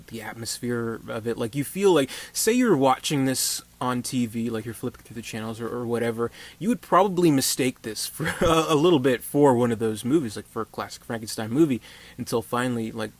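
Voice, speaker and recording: A man's voice: mid-range voice, fairly quick, no room sound. A man giving a casual movie review, rambling with many fillers and restarts.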